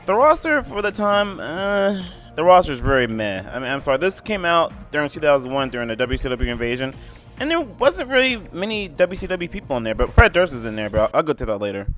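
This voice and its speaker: A man's voice: on the high side, very animated, fairly quick, a bit bright, soft background music. A man giving a casual video game review voice-over, rambling and blunt, padding his talk with "I mean" and "like". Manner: blunt and opinionated.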